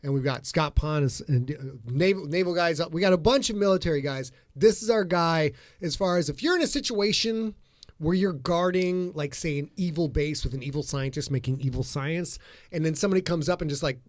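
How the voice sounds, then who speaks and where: A man's voice: on the high side, a little fast, no echo. Joking man with a dry close mic. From Sheboygan area, Wisconsin. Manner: joking, rambling. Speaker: podcast co-host. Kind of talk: casual chat.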